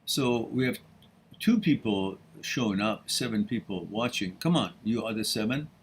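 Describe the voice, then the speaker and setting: A man's voice: on the low side, animated, normal speed, slightly rough. A man hosting a live-stream question-and-answer session, frank and blunt, swearing casually and laughing often between answers. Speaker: host answering viewer questions.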